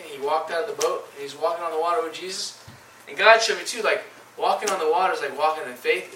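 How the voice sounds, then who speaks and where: A man giving an informal Bible teaching, reading scripture aloud and then retelling it in casual, animated paraphrase. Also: high voice, slight background noise. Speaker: preacher. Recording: echoey room, voice from a distance.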